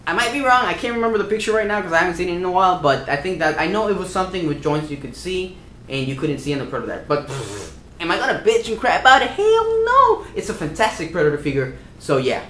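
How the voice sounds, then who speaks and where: A man's voice: high-pitched, animated, fast talker, fairly bright tone. A man hosting a toy vlog, ranting in a casual, profane and exasperated way. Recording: roomy echo.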